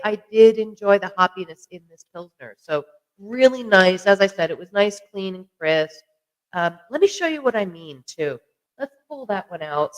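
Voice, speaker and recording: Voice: mid-range voice, poor audio. A podcast host talking casually to the camera, rambling along with lots of fillers and restarts while sipping a drink. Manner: chatty and rambling, with many fillers and self-corrections. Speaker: podcast host reviewing beer.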